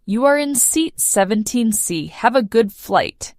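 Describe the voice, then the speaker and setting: A woman's voice: on the high side, lively intonation, a little slow, no room sound, clean studio sound. A woman reading the lines of a smiling female airport check-in clerk in a language-lesson story, courteous.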